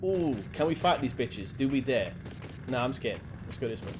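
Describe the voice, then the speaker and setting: A man from Hackney in London giving casual, jokey commentary as he plays a video game, often laughing and getting excited. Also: mid-range voice, moderate pace, background noise. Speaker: let's play gamer. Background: game music.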